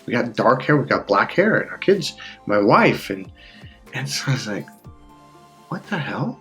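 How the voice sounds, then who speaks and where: A man's voice: mid-range voice, big pitch swings, normal speed, fairly bright tone, faint music behind. A male life coach in a casual personal monologue, rambling with restarts and laughs, close to tears. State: on the verge of tears.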